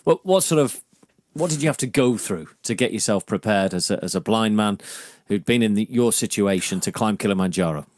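A man hosting a radio interview, asking gentle, probing questions. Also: on the low side, lively intonation, a little fast, no room sound, clean studio sound. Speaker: radio host. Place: radio studio.

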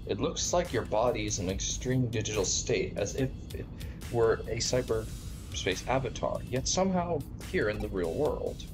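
A man voicing a calm, composed female detective while reading game dialogue aloud, measured and thoughtful. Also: fairly low pitch, music in the background, pitched below the performer's own voice, natural voice.

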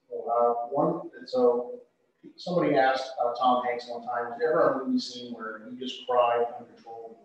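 A man leads a yoga class in a relaxed, unhurried way, slipping in fillers as he talks. His voice sits at an ordinary middle pitch. It sounds very echoey and distant, as if picked up from across a studio. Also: dull audio. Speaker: yoga instructor. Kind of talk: yoga class instruction with trivia.

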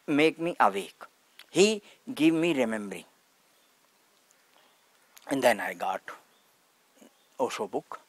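At a satsang, a male spiritual teacher addresses the gathering in simple, broken English, repeating short phrases. His voice is mid-range and a bit bright, with no echo.

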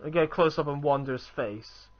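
A man's voice: a little high, moderate pace, highs cut off, noisy background. A young man casually commenting while playing a video game, chatty and rambling, often restarting his sentences. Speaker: let's play gamer.

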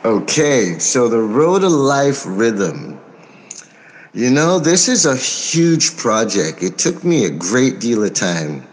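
An American man, a record producer, answering interview questions in a measured way, pausing often with soft fillers and speaking forthrightly. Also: mid-range voice, big pitch swings. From United States. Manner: outspoken and forthright. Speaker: record producer and label owner.

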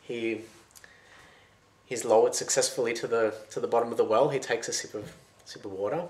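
A man retelling a folktale in a loose, lively, conversational way. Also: mid-range voice, brisk. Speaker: storyteller. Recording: roomy echo.

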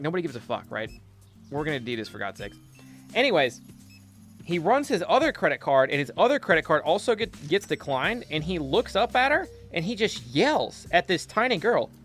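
A young man chatting loosely on a game stream, cursing freely as he tells stories. His voice sits a little high and has a bright, forceful edge. Music plays faintly behind him. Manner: storytelling, profane, reads chat aloud. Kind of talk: casual gaming stream chat.

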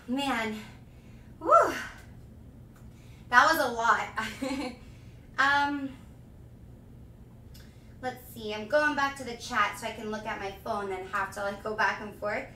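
A young woman with a high, bright voice gushes over her viewers on a live stream, breaking into excited shouts between relaxed thanks. She speaks slowly when calm. Her voice sounds a little off-mic in an echoey room with faint ambience. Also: distant mic, a little hiss or hum. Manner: bubbly, gushing, with frequent excited shouts and laughs. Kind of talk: live stream chat, reading donations.

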